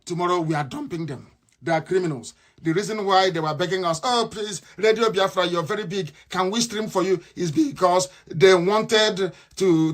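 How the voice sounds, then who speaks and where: Fiery, high-voiced man. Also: a bit bright. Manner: fiery, scornful, repetitive. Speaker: radio broadcaster. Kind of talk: live radio broadcast monologue.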